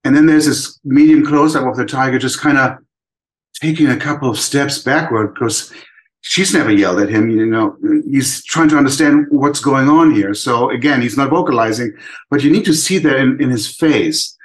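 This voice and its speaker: A man's voice: medium pitch, moderate pace, poor audio. Older German-accented man, thoughtful. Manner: thoughtful, many restarts and fillers. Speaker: animator guest. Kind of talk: casual interview talk.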